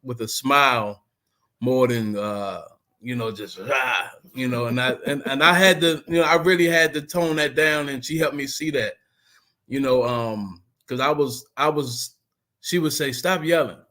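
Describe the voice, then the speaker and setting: A man in the middle of the male range talks as a podcast guest over a video call. His speech is animated and emphatic, and it rambles along with lots of "you know" between the points. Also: mid-range voice, moderate pace. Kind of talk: casual conversation.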